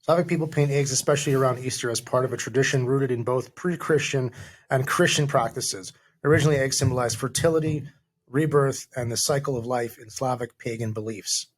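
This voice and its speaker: A man co-hosting a casual podcast chat, reading facts aloud haltingly with lots of fillers. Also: mid-range voice, fairly even intonation. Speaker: podcast co-host.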